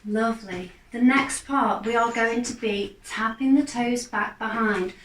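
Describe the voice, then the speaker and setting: A woman, a fitness instructor, calmly guiding a gentle exercise class with steady, encouraging cues. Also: a little high, slight background noise. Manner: calm, encouraging, unhurried cues. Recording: echoey room, mic far off.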